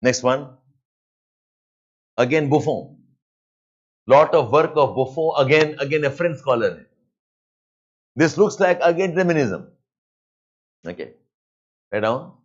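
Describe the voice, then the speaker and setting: A man with an Indian English accent teaching a live online class, dictating points and repeating them slowly, with Hindi asides mixed in. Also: on the high side, animated, highs cut off. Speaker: lecturer.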